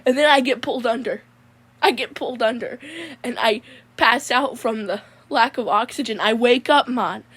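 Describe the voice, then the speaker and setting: A woman's voice: a little high, moderate pace, a bit bright, husky. A woman telling a rambling comic dream story, peppering it with 'Mon'. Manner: rambling, says 'Mon' constantly. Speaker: comedy character storyteller.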